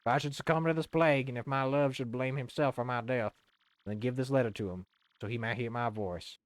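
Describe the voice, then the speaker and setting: A quiet, guilt-ridden old bomb, as a man puts him on, dropping his voice low and soft as he confesses. It is a dry, close recording. It is read as a video game character. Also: brisk, no room sound, natural voice. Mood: remorseful.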